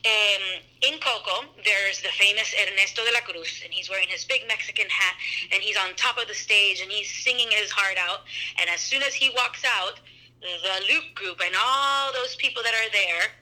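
A woman who works as a voice actor and dancer, chatting casually as a podcast guest. She is animated and expressive and drops in Spanish words. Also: mid-range voice, normal speed, poor audio. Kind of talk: casual interview chat.

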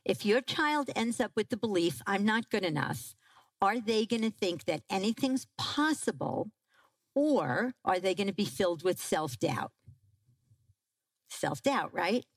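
Woman parenting speaker, lively pitch, unhurried delivery, engages audience with questions. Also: creaky, no room sound, poor audio. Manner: animated, asks the audience questions. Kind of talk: talk to a live audience.

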